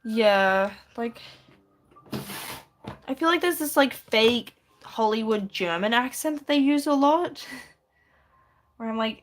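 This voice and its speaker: A woman's voice: fairly high pitch, expressive, slow, pauses often. A woman chatting casually on a livestream while drawing, rambling with many fillers and easy laughs. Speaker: streamer.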